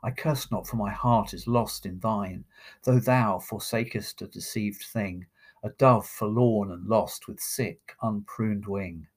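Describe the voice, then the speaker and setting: A man voicing a sorrowful young maiden. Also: lowish voice. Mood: forlorn. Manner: slow, mournful verse recitation. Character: young woman, sorrowful lover waking from a dream.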